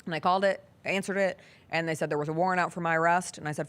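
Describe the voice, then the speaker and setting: A woman's voice: fairly low pitch, fairly even intonation, very fast, a bit bright. A woman hosting a talk show, telling a long story in a casual, earnest way and acting out the dialogue. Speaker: sports talk show host. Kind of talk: casual chat.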